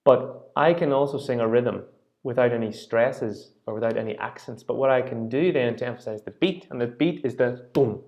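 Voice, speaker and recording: A man's voice: medium pitch, normal speed, darkish tone. A man teaching a singing lesson, patiently explaining rhythm and singing short phrases to demonstrate.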